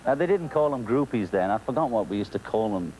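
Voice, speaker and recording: A man from England with a Liverpool accent, a talk show guest chatting in a relaxed, wry way and laughing often. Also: fairly low pitch, quick pace, slight background noise, rough recording. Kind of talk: casual talk show chat. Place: television studio.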